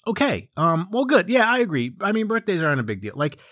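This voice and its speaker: A man's voice: sits high, wildly swooping pitch, fast talker, a bit bright, no echo, clean studio sound. A man in his forties hosting a comedic chat, rambling and profane and mocking himself. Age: 40s. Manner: rambling, profane, self-mocking, with lots of restarts and riffs.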